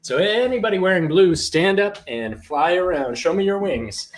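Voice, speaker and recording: A man's voice: sits high, expressive, moderate pace. Cheerful male kids' music teacher. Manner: cheerful, playful, mixes talk with singing. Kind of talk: live online sing-along class for young kids. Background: guitar strumming.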